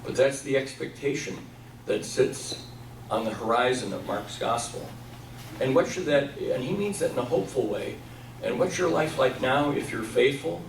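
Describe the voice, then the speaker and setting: A man leads a Bible study talk in a church hall, posing questions to the room and then answering them himself. His voice is medium-pitched, with slight hiss or hum, recorded from a distance in an echoey room.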